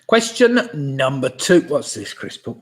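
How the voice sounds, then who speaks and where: A man in his sixties runs a home quiz stream with a bouncy, up-and-down delivery. He reads each question slowly and deliberately, then repeats it. Between questions he drifts into relaxed, chuckling asides. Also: medium pitch. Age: 60s. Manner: chatty, chuckles often, asides about beer. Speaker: pub quiz host. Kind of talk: live-streamed quiz, casual chat.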